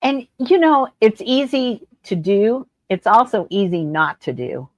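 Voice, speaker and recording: A woman's voice: mid-range voice, animated, measured pace, no echo. A woman hosting a podcast speaks in a mid-range voice, reflective and encouraging. The recording is dry and close. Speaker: podcast host. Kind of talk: conversational interview.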